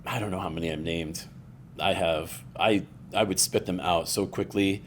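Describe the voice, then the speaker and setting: A man's voice: low voice, normal speed, slight background noise. A man guesting on a podcast, chatting casually and acting out quotes as he tells stories. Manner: animated storyteller, acts out quoted voices. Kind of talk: casual chat.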